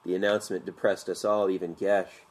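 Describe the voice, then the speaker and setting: A man narrating an audiobook in a measured, vivid storytelling manner. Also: low voice, flat delivery.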